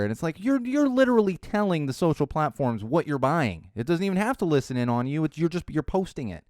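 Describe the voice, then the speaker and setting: A man hosting his own podcast, talking solo in an animated, ranting way and mocking other people's voices. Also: a little high, fast talker, hardly any pauses, no echo, clean studio sound. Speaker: podcast host.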